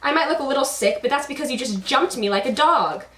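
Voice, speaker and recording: Woman doing a blunt, quarrelsome puppet commoner, loud and sarcastic; echoey room. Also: high-pitched, expressive, fast talker, distant mic, voice pushed up. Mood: brash. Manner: loud, brash, sardonic. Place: basement.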